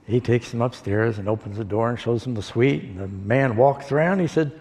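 A pastor giving a sermon, telling stories folksily with pauses and fillers. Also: male voice, medium pitch, expressive, a little mellow. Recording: long hall reverb.

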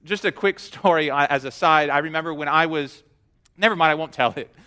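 A man's voice: fairly high pitch, a little fast, smooth. A man preaching a sermon, telling the story with humor and acting out the quotes. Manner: animated storyteller, acts out quotes. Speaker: pastor.

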